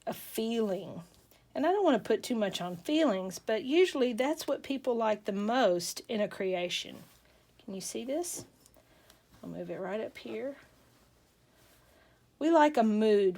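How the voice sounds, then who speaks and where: A woman's voice: medium pitch, darkish tone. A woman hosting a casual crafting tutorial, chatty and rambling, with asides and jokes.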